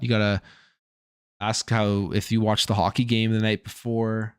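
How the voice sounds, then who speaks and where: A man's voice: on the low side, fairly even intonation, moderate pace, clean tone, no echo, clean studio sound. A Canadian man with a Canadian accent hosting a casual livestream, rambling and thinking aloud as he chats with viewers, tired after a long workday. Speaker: gaming channel host.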